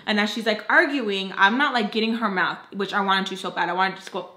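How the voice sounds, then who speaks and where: A woman's voice: mid-range voice, quick pace, bright, forceful tone. Chatty young woman in an echoey room. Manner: exasperated, chatty, heavy use of "like". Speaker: makeup artist and vlogger. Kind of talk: casual story time.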